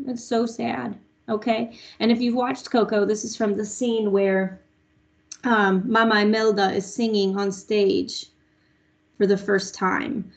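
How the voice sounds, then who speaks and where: A woman's voice: mid-range voice, flat delivery, a little slow, gravelly. A young woman music teacher leading an online lesson for small children, patiently singing short lines for them to echo back. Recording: lo-fi online class audio.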